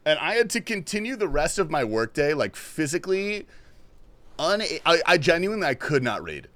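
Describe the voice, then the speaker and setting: Young man streamer, bright voice, very animated, lots of swearing; casual storyteller. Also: on the high side, normal speed, no room sound. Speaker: game streamer. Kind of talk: casual story-telling chat while gaming.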